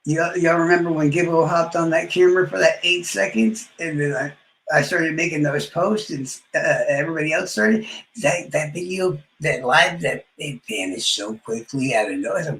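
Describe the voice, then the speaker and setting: A man's voice: a little high, moderate pace, creaky, a bit bright, roomy sound, rough recording. A man trash-talking rivals on a live stream, boastful and profane, his words often trailing off into mumbles. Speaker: livestreamer.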